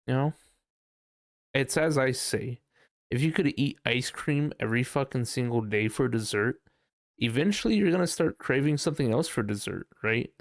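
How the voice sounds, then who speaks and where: A young man hosts a podcast and talks through a heated, swearing rant that breaks into laughs. His mid-range voice has a gravelly edge. The sound is close and dry, with no room in it. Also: mid-range voice, normal speed, no room sound. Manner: profane, animated ranting with frequent laughs. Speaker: podcast host. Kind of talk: casual ranting chat.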